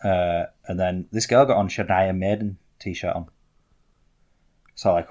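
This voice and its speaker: A man's voice: sits low, fairly even intonation, normal speed, long pauses, a little mellow. A young man, telling rambling, self-mocking stories as a podcast co-host. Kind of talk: casual storytelling chat.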